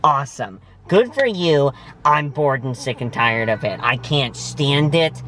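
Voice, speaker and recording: Guy reviewing takeout in his car, over-the-top excited, mid pitch, bit of faint noise behind. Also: a little slow. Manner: emphatic, gushing, dramatic word choices. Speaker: vlog host. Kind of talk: casual food review vlog. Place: parked vehicle.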